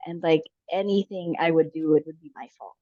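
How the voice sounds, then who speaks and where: A woman recounting a personal story in a casual, rambling way, full of fillers and restarts. Her voice sits on the low side, and the recording is dry with a dull, slightly lo-fi sound. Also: steady tone, brisk, dry recording. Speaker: podcast guest. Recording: dull lo-fi audio.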